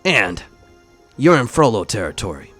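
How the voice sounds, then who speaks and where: A man's voice: fairly low pitch, very animated, moderate pace, fairly bright tone, breathy edge, soft background music, heavily acted. A man voicing a crude, menacing male goblin who rides a warg, swearing and threatening in a swaggering way.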